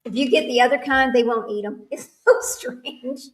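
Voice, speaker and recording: A woman's voice: on the high side, normal speed, slight background noise. Older woman, livestream host, rambling chatty manner with laughs; sits back from the mic. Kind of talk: casual chat with live chat. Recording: echoey room, far from the mic.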